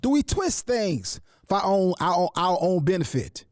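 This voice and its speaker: A man's voice: sits high, very animated, normal speed, no room sound, studio quality. A man hosting a live online show, talking to viewers and greeting them by name in a sing-song way. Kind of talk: live-stream talk with viewer shout-outs.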